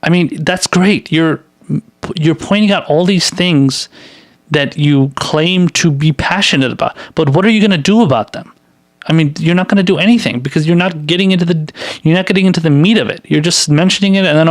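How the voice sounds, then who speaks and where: A man's voice: fairly high pitch, a little fast, no room sound. A man hosting a political commentary show, reading news articles aloud and rambling through sarcastic, filler-heavy commentary on them.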